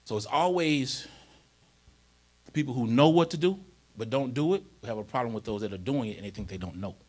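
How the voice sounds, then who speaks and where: Informal preacher checking in with congregation. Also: male voice, mid-range voice, animated, brisk. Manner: rises to emphatic, louder delivery when reading scripture. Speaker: pastor. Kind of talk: conversational sermon. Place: church.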